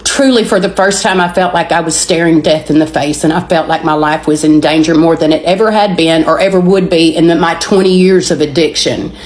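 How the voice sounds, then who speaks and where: A woman's voice: deep voice, darkish tone. A woman with a Southern American accent telling an emotional personal testimony, stumbling and restarting words as she goes. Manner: storytelling, repeats and restarts words, dramatic pauses. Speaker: speaker sharing a testimony. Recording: roomy echoey recording.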